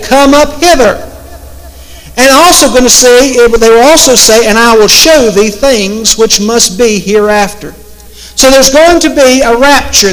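Man, preacher, sermon, emphatic slow delivery, very high voice, long hall echo. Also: a bit bright. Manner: slow, emphatic Bible preaching with quoted scripture.

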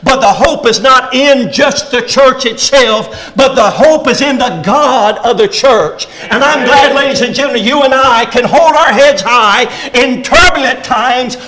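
A middle-aged man preaches with fervor. His voice sits high for a man, and he climbs louder into near-shouts on key lines before dropping low. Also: measured pace, few pauses, low-quality recording. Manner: fervent preaching, rising and shouting on key phrases. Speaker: pastor. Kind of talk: sermon.

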